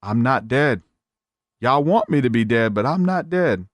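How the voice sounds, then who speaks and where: A man's voice: mid-range voice, expressive, a little slow, no echo, close to an everyday voice. A man voicing a stubborn old grandfather who refuses to believe he is dead, in a cranky, indignant manner. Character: stubborn old grandpa, insists he's alive.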